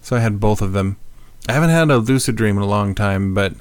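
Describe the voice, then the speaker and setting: A man co-hosting a podcast, chatting casually and telling animated, swear-laced stories about his dreams. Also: lowish voice, fast, clean tone, dry recording. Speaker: podcast co-host. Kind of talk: casual chat.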